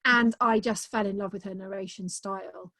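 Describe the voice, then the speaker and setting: A woman's voice: medium pitch, steady tone, normal speed, bright, forceful tone, dry recording. Chatty woman author, dry close sound. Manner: chatty and enthusiastic, many "um"s. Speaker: author being interviewed. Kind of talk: casual conversation.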